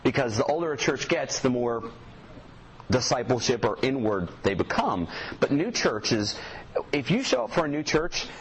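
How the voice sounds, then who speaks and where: A man's voice: medium pitch, big pitch swings, normal speed, a little hiss or hum, rough recording. A man giving a casual youth ministry workshop talk to a small group, plainspoken and conversational, asking the room questions.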